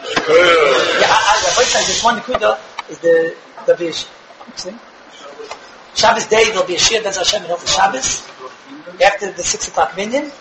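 A man giving a Torah talk, telling a story in an animated, digressive way and acting out the quotes. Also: high-pitched, normal speed, long pauses, reverberant, very noisy. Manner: animated, digressive, often restarts and acts out quotes. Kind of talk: Yiddish-flavored Torah lecture, storytelling. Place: synagogue or study hall.

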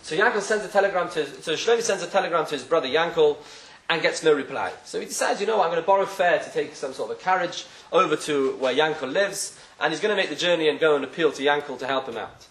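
A man delivers a sermon built around a folk parable. He talks quickly in a somewhat high voice and slips into the characters' voices as the story moves along. The room gives his voice a noticeable echo. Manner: animated storyteller, acts out voices in quotes. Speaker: speaker telling a parable.

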